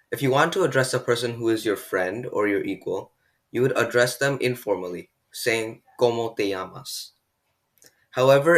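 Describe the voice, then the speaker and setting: A man giving a beginner language lesson, explaining step by step and slowing down to model pronunciation. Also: fairly low pitch, a bit bright. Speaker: language tutor.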